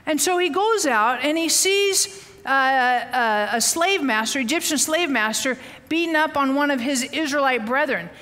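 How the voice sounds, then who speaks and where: A woman teaching a Bible lesson, telling the story with lively, animated acting-out of the quotes. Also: high voice, a little slow, in a large hall. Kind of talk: teaching sermon. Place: outdoors, windy.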